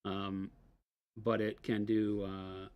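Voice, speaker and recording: A man demonstrating painting on a livestream, explaining his brushwork in a relaxed, casual way. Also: lowish voice, slow, clear, resonant tone. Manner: relaxed, explains as he paints, laid-back slang. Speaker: painting instructor. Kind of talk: casual painting demo chat.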